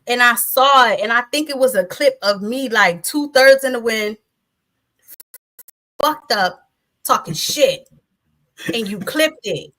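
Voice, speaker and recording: A woman's voice: fairly high pitch, lively intonation, slow, pauses often, pushed and bright. A woman in her thirties talking bluntly and profanely as an interview guest, often laughing. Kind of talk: casual interview chat.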